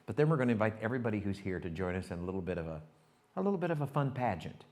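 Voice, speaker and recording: A man's voice: fairly low pitch, very fast. A male pastor preaching a sermon, telling a story with animation and talking straight to his congregation. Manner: animated storytelling, shifts to hushed reflection; talks directly to the congregation.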